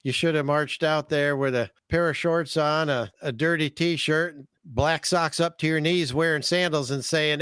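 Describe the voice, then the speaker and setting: A man's voice: fairly high pitch, steady tone, normal speed, hardly any pauses, a bit bright, clean tone, dry recording, studio quality. A man hosting a fishing podcast, talking in a folksy, enthusiastic way and often repeating his words. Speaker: podcast host, fishing guide. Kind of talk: casual podcast chat.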